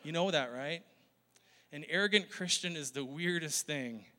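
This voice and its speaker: A man's voice: fairly high pitch, moderate pace, bright, forceful tone. A male pastor preaching a conversational sermon, often laughing and asking the crowd questions. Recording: long hall reverb.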